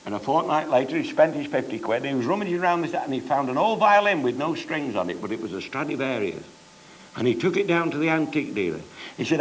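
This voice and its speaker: A man's voice: mid-range voice, big pitch swings, fast. An older man with a Cheshire accent telling bawdy comic stories on stage, chuckling through them. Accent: Cheshire English. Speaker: after-dinner comedian. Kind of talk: stand-up anecdotes. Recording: noisy live recording, audience laughter.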